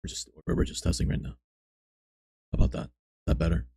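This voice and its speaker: A man streaming, chatting softly and bluntly with viewers on a close microphone, teasing and swearing. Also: quick pace, no room sound. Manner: blunt, profane, teasing chat. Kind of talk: soft-spoken ASMR stream chat. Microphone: close desk microphone.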